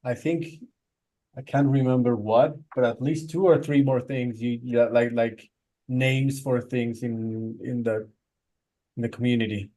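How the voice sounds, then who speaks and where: A man with a Mexican accent talking in a casual live audio chat, pausing and searching for words. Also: medium pitch, steady tone, warm tone.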